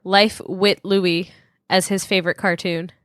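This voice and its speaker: A woman's voice: on the low side, measured pace, no echo. A woman co-hosting a comedy podcast, speaking dryly and tersely. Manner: dry, deadpan, terse. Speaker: podcast co-host. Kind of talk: casual comedic chat.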